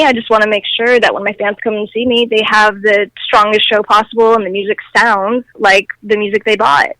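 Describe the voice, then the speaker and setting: A young female singer calling in by phone for an interview. She talks in an upbeat, articulate way and laughs easily. Her voice has a mid pitch and sounds dry. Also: bright, forceful tone, dry recording, poor audio. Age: young adult. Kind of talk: casual interview chat.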